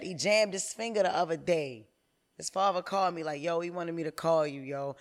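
A woman in her thirties, a comedian guest on a podcast, telling candid stories in an animated, profane way. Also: lowish voice, a little fast.

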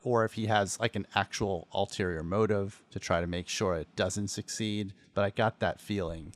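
Low-voiced man in casual recap chat. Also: fairly even intonation, moderate pace, no echo. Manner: thoughtful, agreeable, laughs. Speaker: podcast co-host.

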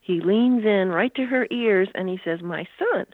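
Older female guest telling meandering stories over a tinny phone line, flat dry sound. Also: mid-range voice, normal speed, no echo. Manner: rambling, full of "you know" asides. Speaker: guest author. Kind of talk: phone interview storytelling.

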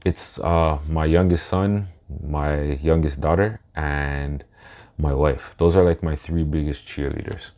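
A man in his thirties hosting a solo podcast in a casual way, slow and reflective, pausing to gather his thoughts. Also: rumbling low, fairly even intonation, darkish tone. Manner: emotional, laughs through his words. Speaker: podcast host.

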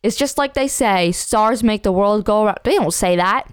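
A woman's voice: medium pitch, normal speed, clean tone, no echo, studio quality. A woman co-hosting a podcast, chatting casually through a party video game, blunt and swearing freely. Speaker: podcast co-host. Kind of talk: casual gameplay chat.

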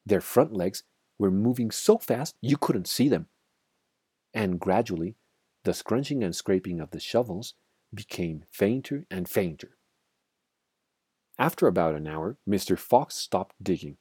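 A man reading a children's story aloud with expressive, dramatic storytelling. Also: fairly low pitch, unhurried, pauses often, husky, no echo, studio quality. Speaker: narrator.

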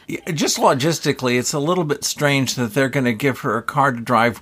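A podcast co-host making wry, halting remarks about a book, with frequent restarts. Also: mid-range voice, a bit bright, breathy edge. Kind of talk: casual book discussion chat.

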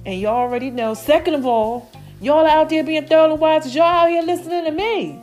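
A woman hosts her podcast in a loose, playful chat and keeps calling her listeners in. Her voice sits high. Soft music plays faintly underneath. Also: brisk. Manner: lively, playful, calls listeners "baby" and "y'all". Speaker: podcast host. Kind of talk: casual chat.

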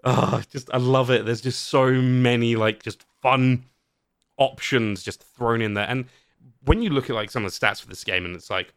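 A man hosting a podcast in casual chat, animated, laughing often and swearing casually as he talks about games. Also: medium pitch, moderate pace, no room sound. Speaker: podcast host.

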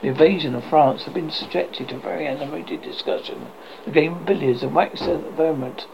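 Guy reading an old story aloud, a bit high and gravelly, faint hiss in the back. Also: brisk. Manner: steady read-aloud narration with small slips. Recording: slightly dull, faint hiss.

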